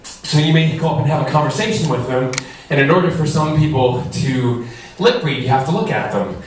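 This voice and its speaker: A man guest on a convention panel, telling lively, jokey stories and sounding a little out of breath. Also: fairly high pitch, brisk. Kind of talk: animated storytelling on a convention panel. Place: large convention hall. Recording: echoey hall recorded from far off with faint noise.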